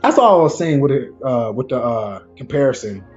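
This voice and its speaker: A man hosting a casual podcast, telling stories in an animated, slang-heavy way. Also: medium pitch, fairly quick, dull audio, soft background music. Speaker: podcast host.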